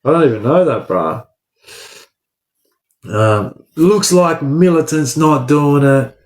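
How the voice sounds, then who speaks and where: A man with an Australian accent, chatting casually on a livestream, answering viewer comments in relaxed slang. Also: fairly high pitch, slow pace, reverberant, a little hiss or hum. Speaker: livestream host. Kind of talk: casual live chat reading comments.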